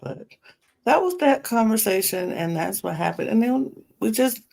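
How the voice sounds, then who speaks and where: A man's voice: sits high, expressive, moderate pace, gravelly, darkish tone. A man co-hosting a podcast, chatting casually with short, laid-back replies. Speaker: podcast co-host. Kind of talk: casual recap chat.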